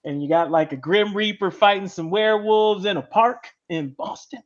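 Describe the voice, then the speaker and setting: Over audio with the top end cut off, a high-pitched man speaks at normal speed. As host of a casual panel conversation on comic writing, and a comic writer himself, he breaks ideas down step by step in a chatty manner, constantly tagging on "right?"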